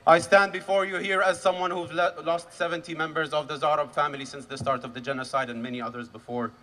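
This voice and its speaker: Fiery young man shouting at a rally. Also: on the high side, brisk, big-room sound, low-quality recording. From Gaza, Palestine. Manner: fiery, swings from quiet grief to shouting. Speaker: rally speaker. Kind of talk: impassioned protest speech. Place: outdoor rally in a park.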